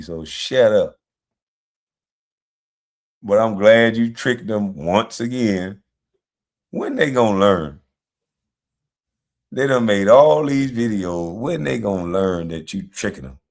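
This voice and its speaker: Man as stream host: brash, swinging pitch, laughs a lot while roasting trolls. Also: expressive, takes it slowly, long pauses. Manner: brash trash talk with frequent laughter. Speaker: livestream host. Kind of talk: casual livestream commentary.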